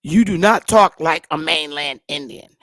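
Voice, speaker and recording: Woman host going off on a slow blunt profane rant, dry close sound, no room echo. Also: sits low, fairly bright tone. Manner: emphatic, blunt, profane, preachy. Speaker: commentary host. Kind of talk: impassioned commentary monologue.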